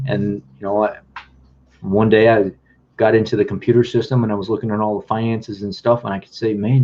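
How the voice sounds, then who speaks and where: A vlogger with a lowish, mellow voice casually rambles through his own life story, acting out dialogue he remembers. It's a dull lo-fi recording.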